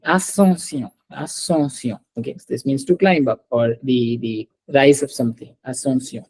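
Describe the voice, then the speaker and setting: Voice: mid-range voice, normal speed, darkish tone, slightly rough, low-quality recording. A teacher giving an online French class over a video call, patiently repeating words and calling on students.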